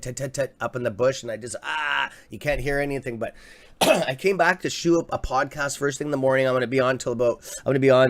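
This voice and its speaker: A Canadian man hosting a casual live stock-market stream, chatty and excitable, swearing freely and reading out viewer comments. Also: medium pitch. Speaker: livestream host.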